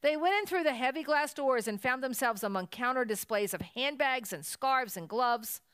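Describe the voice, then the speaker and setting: A woman's voice: high-pitched, lively intonation, normal speed, fairly bright tone, smooth, no echo. A woman reading a children's Christmas story aloud at a church service, telling it expressively.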